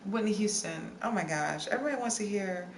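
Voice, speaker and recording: A woman's voice: mid-range voice, lively intonation, quick pace. Woman, young adult, casual livestream talk, reads chat, echoey room. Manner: chatty, scattered, answers song requests with bits of singing. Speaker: livestream host. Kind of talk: casual livestream chat, reading viewer comments. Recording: roomy with faint ambient noise.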